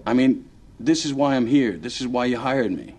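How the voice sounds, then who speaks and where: A man's voice: medium pitch, animated, normal speed, darkish tone. An actor playing a male baseball general manager pushing his boss hard for more money. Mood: pleading pushy. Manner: pushy, pleading, rising frustration.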